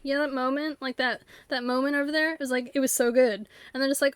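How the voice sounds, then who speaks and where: Woman streamer, casual game-stream chatter; high and chatty, dry close mic. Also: fairly even intonation, fast, hardly any pauses, fairly bright tone, clean tone, no room sound. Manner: rambling, filler-heavy, bursts into silly character voices. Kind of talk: casual chat while live-streaming a game. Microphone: desktop USB mic.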